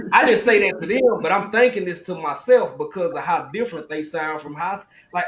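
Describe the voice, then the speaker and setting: Southern male host, animated storytelling delivery, slightly high voice, roomy sound. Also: a little fast, few pauses. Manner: animated, storytelling, drawling slang. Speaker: live stream host. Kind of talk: casual panel talk. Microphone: video call.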